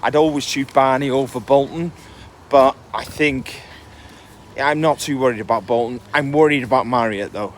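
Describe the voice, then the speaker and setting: Recorded outdoors while moving, a podcast co-host chats about football in a casual, halting way with many ums. He has a mid-range voice at normal speed, with slight background noise.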